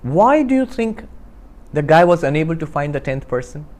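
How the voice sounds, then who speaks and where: A man giving a spiritual talk to a live audience, telling a story and acting out its characters with lively shifts of voice. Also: fairly high pitch, normal speed. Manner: asks the audience questions. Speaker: spiritual teacher.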